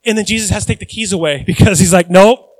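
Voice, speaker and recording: A male pastor with a high voice delivers a sermon. He preaches in a lively, conversational way, mixing jokes with questions to the congregation. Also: racing, no echo, rough recording.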